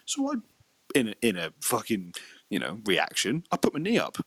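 A young man, telling a sweary, animated story in casual chat. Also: lowish voice, moderate pace, no room sound.

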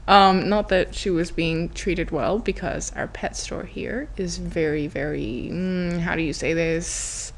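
A woman's voice: lowish voice, unhurried, few pauses. A woman hosting a podcast, telling a story in a chatty, giggly way, full of "like" and acted-out quotes. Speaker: podcast host. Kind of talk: casual storytelling monologue.

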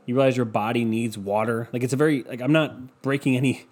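A man's voice: medium pitch, steady tone, quick pace, a little mellow. Profane, sarcastic male podcast host. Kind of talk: casual solo podcast rant.

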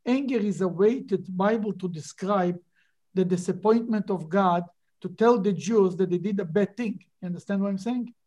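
A man's voice: high voice, normal speed, dark tone. Man, Bible class teacher, emphatic, rhetorical questions. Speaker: rabbi teaching a Torah class.

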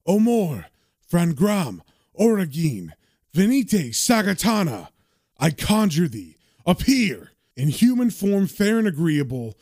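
A grim young occultist intones with solemn, driven intensity, as a man reads him out. The voice is mid-high and mellow, with a dry close sound. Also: no echo, heavily acted. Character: grim young male occultist casting a spell.

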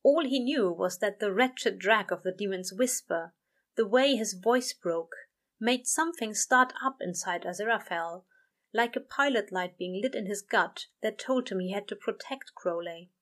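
Woman reading a story out loud, calm even narration, normal pitch. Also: moderate pace. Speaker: reader. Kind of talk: reading fan fiction aloud.

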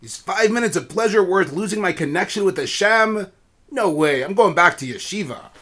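A man's voice: sits high, expressive, normal speed, bright, forceful tone, voice pushed up, exaggerated voice. A man voicing a young male yeshiva student in a storybook tale, groaning and then resolute. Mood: resolved.

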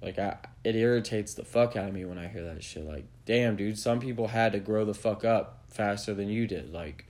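A man's voice: on the low side, moderate pace, hardly any pauses, darkish tone. A man hosting a podcast, delivering a blunt, profanity-heavy rant that lectures his listeners. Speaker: podcast host. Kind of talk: opinionated rant.

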